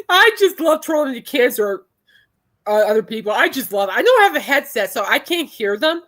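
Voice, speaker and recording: A woman's voice: high voice, sing-song, normal speed, pauses often, a bit bright. A young adult woman hosting a podcast in casual chat, rambling and laughing often. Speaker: podcast host.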